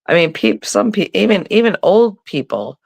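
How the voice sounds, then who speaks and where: A woman's voice: mid-range voice, big pitch swings, normal speed, gravelly, dry recording. A middle-aged woman telling stories in a casual live chat, acting out the voices she quotes, on a phone mic. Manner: chatty storytelling, acts out quoted voices. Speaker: co-host.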